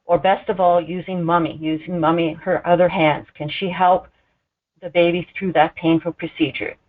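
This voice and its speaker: A woman giving an educational talk on newborn care, explaining gently and clearly, sometimes slowing to voice a baby's cues. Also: on the low side. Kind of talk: recorded educational presentation. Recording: tinny phone-like sound.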